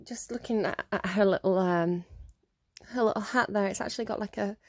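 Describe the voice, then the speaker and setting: A woman's voice: mid-range voice, a little fast, darkish tone. A woman giving a casual solo tarot reading, thinking aloud with many fillers and restarts. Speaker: tarot reader.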